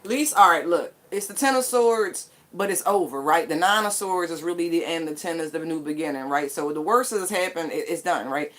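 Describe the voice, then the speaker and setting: A woman's voice: fairly low pitch, animated, a little fast, hardly any pauses, fairly bright tone. A woman giving a casual spiritual tarot reading, chatty and emphatic, with casual swearing. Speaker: tarot card reader.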